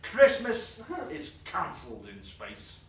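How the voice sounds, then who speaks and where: A man's voice: mid-range voice, huge pitch swings, slow pace, fairly bright tone, echoey room, distant mic, slight background noise, exaggerated voice. A man voicing a nasty, blunt alien tyrant, the King of the Universe, in a stand-up story. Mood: gloating. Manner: blunt, announcing.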